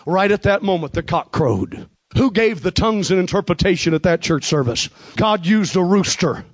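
A man preaching an impassioned revival sermon, with rhythmic repetition and bursts of shouting. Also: high-pitched, expressive, moderate pace, dull audio.

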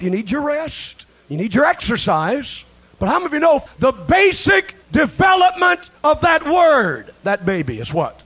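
A man preaching a sermon with passion, swinging between shouted lines and hushed ones. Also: high-pitched, dull audio.

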